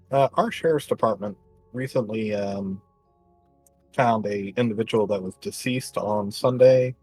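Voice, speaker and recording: A man playing his character in a tabletop game, talking haltingly and politely with many fillers. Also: lowish voice, a little mellow. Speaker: player.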